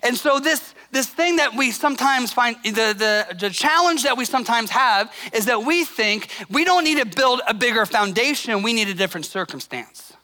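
A male pastor preaching a sermon in a conversational way, acting out what people say and dropping soft and low to stress a point. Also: lively intonation, moderate pace, hardly any pauses. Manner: conversational, acts out quoted voices; drops to a soft, low intensity for emphasis.

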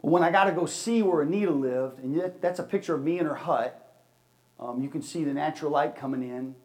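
A man giving an energetic fundraising talk at a church service, swinging between loud bursts and hushed moments. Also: a little high, brisk. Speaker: charity speaker at a church.

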